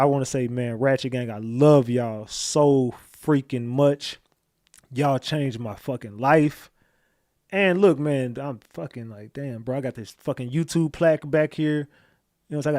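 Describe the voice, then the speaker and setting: A man hosting a livestream, giving hyped, thankful shout-outs to his chat and swearing freely. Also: mid-range voice, dry recording, clean studio sound. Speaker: livestream host. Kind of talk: casual livestream talk to chat.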